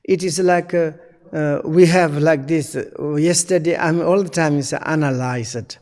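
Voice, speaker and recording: A man giving a Dharma teaching in halting, non-native English. He pauses often with fillers while searching for words. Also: a little high, steady tone, a little mellow, big-room sound. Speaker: Buddhist teacher.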